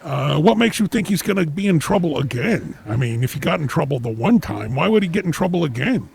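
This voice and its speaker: A man hosting a comedy call-in show, speaking in a deadpan, pompous, lecturing way. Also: fairly high pitch, a little fast, a little hiss or hum. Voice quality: gravelly, raspy.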